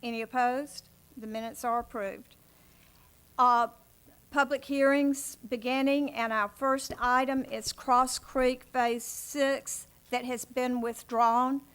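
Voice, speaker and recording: A woman's voice: sits high, fairly even intonation, takes it slowly, fairly bright tone, smooth. A woman chairing a city planning commission meeting in council chambers, speaking in polite, formal procedural phrasing.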